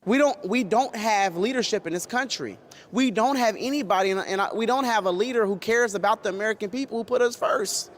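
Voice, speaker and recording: A man from Texas with a high voice, answering questions in a street interview. He speaks passionately, stumbling over his words and repeating phrases as he presses his point. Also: brisk, a little hiss or hum. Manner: passionate, repeats himself and restarts. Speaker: interviewee at a rally.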